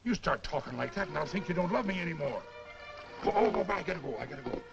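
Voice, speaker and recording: A man's voice: fairly high pitch, expressive, fast, vocal fry, dull audio, loud music behind the voice. An actor playing a tipsy, charming soldier, coaxing and sweet-talking his sweetheart. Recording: noisy old film soundtrack.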